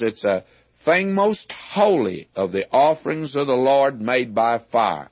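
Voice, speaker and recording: A man gives an unhurried Bible teaching, dwelling on each phrase with deliberate emphasis. His voice has a slightly husky edge, and the sound is dry and close, as on an old lo-fi radio broadcast. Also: mid-range voice, very animated, no echo. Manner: measured, emphatic, with asides.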